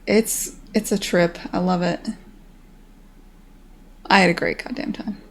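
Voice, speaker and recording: A woman's voice: on the low side, steady tone, takes it slowly, creaky. An American woman in her thirties, a game developer chatting casually on a stream in a rambling way, swearing freely.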